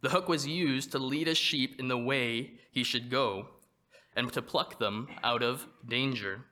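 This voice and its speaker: A man preaching a sermon, reading from a prepared text in a measured way and slowing down to stress quoted verses. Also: medium pitch, bright, forceful tone. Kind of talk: read sermon.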